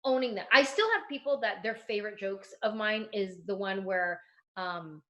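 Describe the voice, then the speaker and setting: Woman comedian, 30s, mid-pitched, chatty and animated, acts out voices. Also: moderate pace. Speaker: comedian guest. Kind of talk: casual interview advice.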